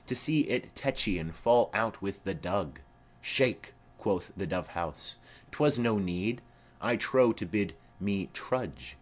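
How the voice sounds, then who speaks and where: Brief: man playing a chatty old nurse in an audiobook play, slow and sing-song, low voice. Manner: rambling, garrulous storytelling. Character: chattering old female nurse, rambling and fond.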